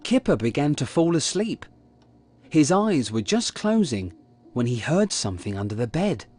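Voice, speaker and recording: A man reading a children's picture book aloud in a slow, lively storytelling manner. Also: mid-range voice, slight background noise. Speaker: storybook reader.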